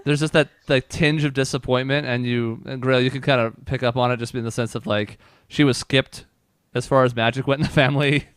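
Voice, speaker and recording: Male game master, relaxed rules narration, dry sound. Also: mid-range voice, fairly quick, hardly any pauses, smooth, no echo.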